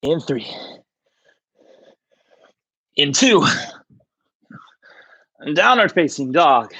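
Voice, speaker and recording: A man's voice: fairly high pitch, very animated, slow, a bit bright, husky, no room sound. A man leading a livestreamed yoga class, casually counting down poses while out of breath. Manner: counts down holds, casual and chatty. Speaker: yoga instructor. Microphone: livestream mic.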